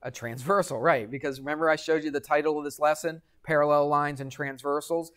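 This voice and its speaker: A man's voice: a little high, steady tone, a little fast, a bit bright. A middle-aged man teaching math to a classroom, asking the students questions and answering them himself, with jokey asides. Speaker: high school math teacher. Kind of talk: classroom lecture.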